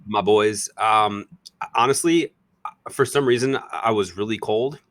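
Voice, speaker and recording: A man's voice: lowish voice, a little slow, background noise. A man hosting a casual podcast, talking loosely and rambling with easy laughs. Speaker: podcast host.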